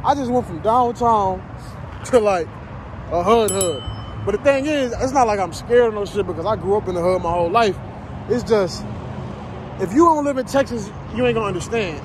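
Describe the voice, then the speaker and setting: A young man with a high voice vlogs from a scooter on city streets, his phone held in one hand. He talks straight to his viewers in loose, profane slang, keyed up and rambling, while loud traffic rushes past the mic. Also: expressive. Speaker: vlogger. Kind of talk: casual vlog narration on the move. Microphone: handheld phone while riding. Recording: outdoor phone recording with loud traffic noise. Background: city traffic and street noise.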